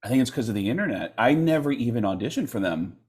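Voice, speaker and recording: A man's voice: mid-range voice, fast talker, husky. Middle-aged male comic, chatty anecdote-teller who acts out the other voices. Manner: animated storyteller, acts out quotes. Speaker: comedian and voice actor, interview guest. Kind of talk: casual storytelling interview.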